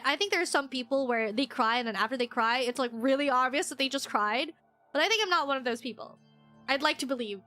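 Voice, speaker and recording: Young woman streamer, somewhat high and very bright, rambling chat that keeps restarting, self-deprecating with frequent giggles. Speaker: VTuber streamer. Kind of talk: casual chat while streaming a game.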